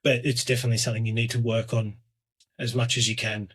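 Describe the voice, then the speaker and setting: A man in his thirties hosting a solo podcast, talking in a hesitant, reflective way with lots of fillers and restarts, often trailing off quietly. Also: mid-range voice, level tone, fast, slightly rough. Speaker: podcast host.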